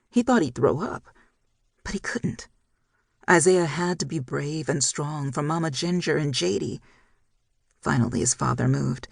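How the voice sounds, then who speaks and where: An audiobook narrator reading a dramatic romance novel in a measured storytelling style. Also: medium pitch, creaky, breathy edge, no room sound, studio quality. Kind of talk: scripted narration.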